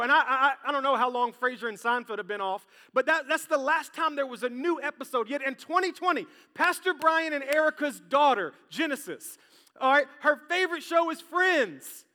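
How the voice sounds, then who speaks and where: A man preaching a sermon as pastor, lively and joking, talking straight to his congregation. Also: very high-pitched. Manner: lively, jokey, talks straight to the crowd. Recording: long hall reverb.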